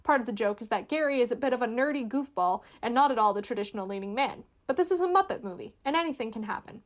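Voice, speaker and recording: A woman reading a scripted video essay in a clear, measured, explanatory way. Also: a little high, animated. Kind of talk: scripted narration.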